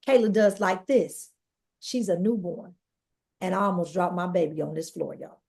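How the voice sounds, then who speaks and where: A woman's voice: lowish voice, moderate pace, gravelly, a little mellow. A woman guest on a podcast, earnestly telling her own life story and speaking straight to the listeners. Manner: earnest, addresses listeners directly. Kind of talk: personal testimony storytelling.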